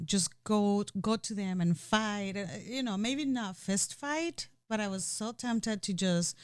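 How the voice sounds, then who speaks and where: Her mid-range voice is smooth and slightly mellow, recorded to studio quality with no echo. She talks earnestly and emotionally about personal matters, frequently restarting sentences and saying "you know."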